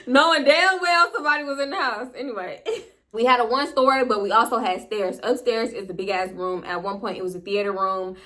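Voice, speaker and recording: A young woman telling a personal story to camera in a casual, animated way, laughing often and dropping into hushed asides, in African American Vernacular English. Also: a little high, moderate pace. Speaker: storytime vlogger.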